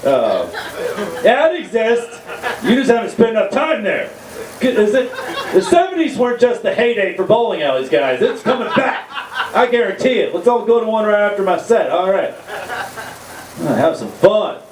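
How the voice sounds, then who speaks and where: A man tells crude, self-mocking stories in a stand-up set, his voice sitting high for a man. He is heard through a stage mic in a live venue with a roomy echo, set a little back from the microphone and with faint background noise. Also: big pitch swings, moderate pace, far from the mic. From Texas. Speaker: stand-up comedian. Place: comedy venue, live room.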